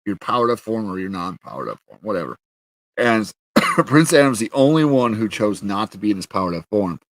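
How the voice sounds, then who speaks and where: A man's voice: on the low side, big pitch swings, brisk, no echo. A man reviewing a show in casual, ranting commentary, exasperated and profane, with lots of filler words.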